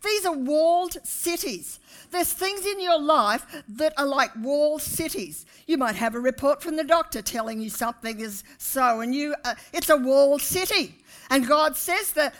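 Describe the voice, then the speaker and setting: Woman pastor, fairly high voice, fervent sermon delivery, calls out to the congregation. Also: moderate pace. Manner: animated preaching, rising to loud emphasis, addressing the congregation. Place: church.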